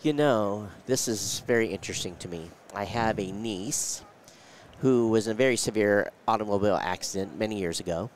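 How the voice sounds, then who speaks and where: A man's voice: fairly low pitch, moderate pace, a little hiss or hum. A man hosting live interviews at a trade show, talking casually with many fillers and restarts. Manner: rambling, lots of fillers and restarts. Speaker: event show host.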